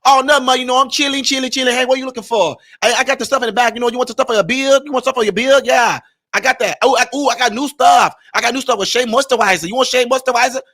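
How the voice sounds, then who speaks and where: A man's voice: very high voice, very fast, a bit bright, pitched above the performer's own voice. A man voicing a chatty male shop owner with eager, pushy sales patter.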